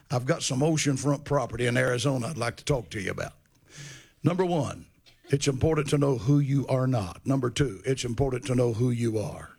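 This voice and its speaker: A man's voice: medium pitch, vocal fry, a little mellow, slightly rough. A man preaching a sermon in a folksy, storytelling way with humor.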